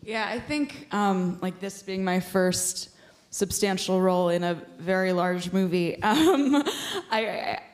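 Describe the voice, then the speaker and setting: A woman's voice: mid-range voice, slow. Giggly young woman actor. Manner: giggly and enthusiastic. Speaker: actor on a press panel. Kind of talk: press conference answers.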